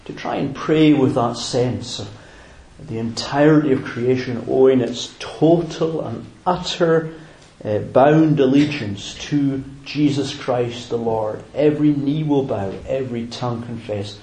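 Man, preacher, sermon, reflective, measured, halting, mid-pitched, echoey room. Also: warm tone, slight background noise. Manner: measured, reflective, with frequent fillers and restarts.

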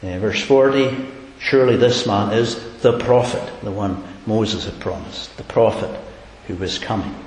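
A man's voice: on the low side, moderate pace, hardly any pauses, darkish tone. A man preaching a sermon earnestly, building to emphatic repeated questions. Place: church hall. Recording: echoey hall with faint hiss.

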